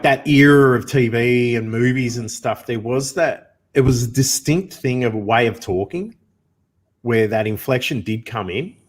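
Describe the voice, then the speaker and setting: A man hosting a casual talk show, rambling animatedly as he asks his guest questions. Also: medium pitch. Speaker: host. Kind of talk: casual chat.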